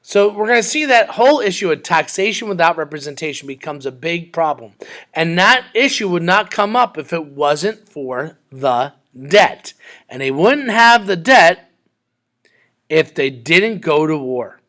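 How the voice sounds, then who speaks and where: A man's voice: a little high, very animated, a little slow, fairly bright tone. A man teaching a history lesson in a conversational way, acting out quoted exchanges between the sides.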